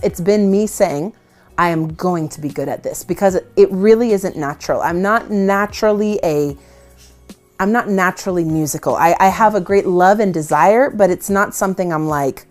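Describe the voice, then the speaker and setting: A woman's voice: lowish voice, normal speed, a little mellow, soft background music. A woman, a worship leader, telling self-deprecating stories in a casual interview, often laughing. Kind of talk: casual storytelling in conversation.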